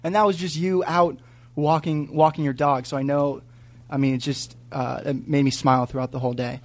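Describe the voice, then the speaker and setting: A man's voice: mid-range voice, level tone, normal speed. A young man on a podcast, earnestly reading a heartfelt note, a little nervous. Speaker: podcast guest.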